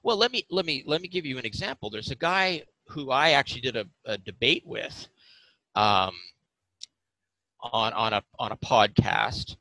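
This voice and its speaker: A man's voice: mid-range voice, animated, normal speed, bright, forceful tone, dry recording, low-quality recording. A male podcast guest speaking earnestly and carefully, sometimes hesitating as he explains. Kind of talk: casual interview talk.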